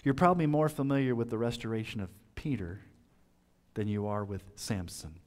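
A man preaching a sermon in church, earnest, swinging from loud fervent passages to soft, hushed lines. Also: fairly low pitch, normal speed. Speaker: pastor. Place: church sanctuary.

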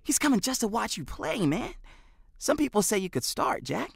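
A man voicing an excited, pleading middle school boy teammate in an audiobook. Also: high voice, normal speed, vocal fry, slightly rough, no echo, studio quality, pitched above the performer's own voice, exaggerated voice. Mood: eager.

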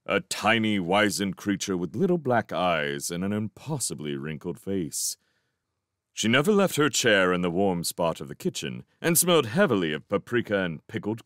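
A man reading a children's fantasy novel aloud, with expressive, dramatic storytelling. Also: deep voice, no echo, clean studio sound. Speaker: audiobook reader. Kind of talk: scripted storybook narration.

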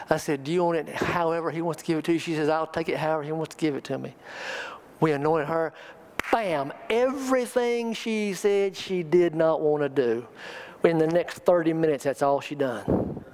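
Middle-aged pastor, slightly high voice, folksy storytelling sermon style in a church. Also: male voice, a little mellow. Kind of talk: Pentecostal sermon. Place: church sanctuary.

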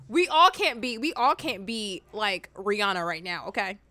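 A young woman streaming, giving casual reaction commentary, laughing often, swearing and breaking into loud excited bursts. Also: mid-range voice, normal speed, hardly any pauses, no echo.

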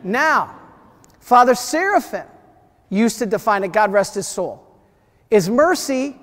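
A man's voice: sits high, expressive, slow, pauses often, fairly bright tone. Storytelling preacher man in a reverberant church. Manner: storytelling preacher, repeats key phrases, acts out quoted voices. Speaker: priest giving a parish mission. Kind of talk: sermon.

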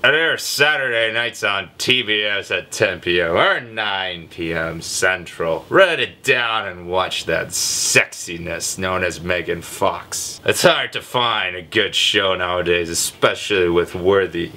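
A man hosting a comedic news vlog, sarcastic and irreverent, with a deliberately lazy, low delivery. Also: animated, pushed and bright, faint music behind. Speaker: vlog host.

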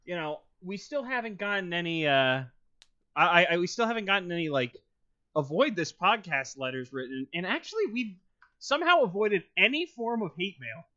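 A man's voice: high voice, sing-song, moderate pace, pushed and bright. A man co-hosting a podcast, chatting in a wry, meandering way. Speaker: podcast co-host. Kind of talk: casual chat. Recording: dull lo-fi mic.

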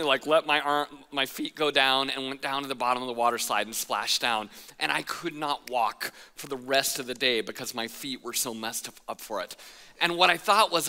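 A male pastor tells a funny childhood story from the stage, acting out the crowd's counting and his own shouts. His voice is sharply bright and forceful. The sound rings with the long reverb of a large church hall. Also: a little high, brisk. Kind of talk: sermon with personal story. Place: church auditorium.

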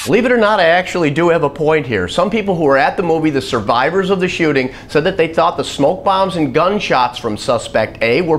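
Blunt, high-voiced male vlogger. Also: animated, fairly quick, few pauses, slight background noise. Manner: blunt, sarcastic, emphatic. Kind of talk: opinionated commentary vlog. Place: Chicago.

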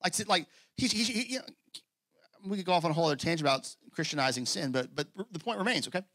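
A male pastor preaching in a lively, conversational style, full of quick asides. His voice is fairly high for a man and forceful. It is recorded close and dry, with little room sound. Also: no echo. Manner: acts out scripture quotes in character voices. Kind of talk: sermon.

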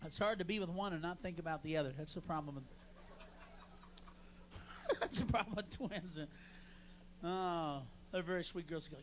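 A man doing a stand-up routine on a club stage, brash and profane, working the crowd and bursting into shouts. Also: fairly high pitch, normal speed, long pauses, a little hiss or hum. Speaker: stand-up comedian.

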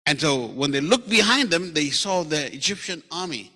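A man's voice: fairly high pitch, expressive, normal speed, sharp tone. A man with a South African accent preaching a sermon as a pastor, telling the story conversationally and acting out quoted lines. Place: church sanctuary. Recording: church hall with long reverb.

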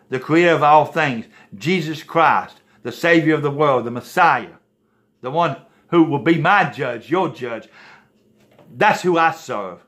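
A man's voice: on the high side, moderate pace, a bit bright. A man preaching to a video audience in an impassioned, emphatic way. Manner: impassioned, emphatic, repeatedly saying "folks, listen".

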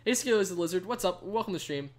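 A man's voice: sits high, lively intonation, quick pace, a little mellow. A young man giving chatty live commentary on a game he is playing, greeting viewers and using lots of fillers. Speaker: streamer. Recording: faint keyboard typing behind.

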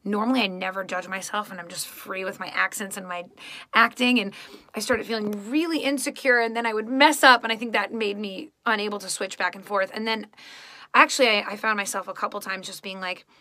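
A woman's voice: mid-range voice, fairly even intonation, a little fast, pushed and bright, dry recording. A woman, an actress and voice actress, telling rambling stories in a casual recorded message to a fan. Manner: chatty, rambling storytelling.

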